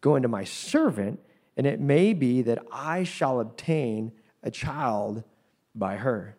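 A man preaching a sermon in a conversational, animated way, with playful asides. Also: mid-range voice, slow pace. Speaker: pastor.

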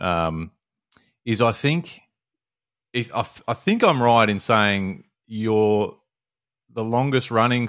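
A man hosting a fishing podcast, chatting casually, often laughing and trailing off into a quiet mumble. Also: medium pitch. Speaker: podcast host.

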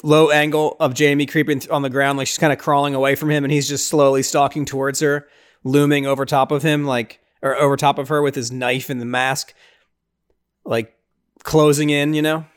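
A young man hosting a podcast, casually recapping a horror film with lots of fillers and briefly acting out the characters' lines. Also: fairly quick. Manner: excitable, lots of fillers, acts out lines in high voices. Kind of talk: casual movie recap chat.

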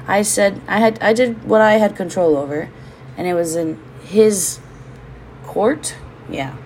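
A woman's voice: medium pitch, measured pace, darkish tone, slight background noise. A woman from Hawaii, hosting a casual solo podcast from home, talking candidly, swearing freely and drifting into side rants. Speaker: podcast host.

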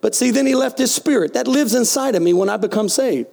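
A man's voice: very high-pitched, fast, gravelly, darkish tone. A man preaching a sermon as pastor, calling out questions to his congregation. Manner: folksy preaching with call-and-response.

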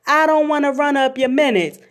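A woman voicing her fussy, doting old grandmother in a high, drawn-out, scolding voice. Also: natural voice. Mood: fussing.

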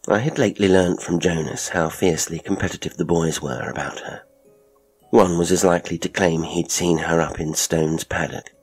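Deep-voiced husky male narrator, measured horror read, faint music underneath. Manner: measured, low storytelling.

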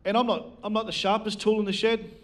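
A man's voice: sits high, steady tone, quick pace. A male pastor preaching a sermon to a live congregation on a handheld microphone, telling a personal story with self-deprecating jokes. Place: church, speaking to a live congregation.

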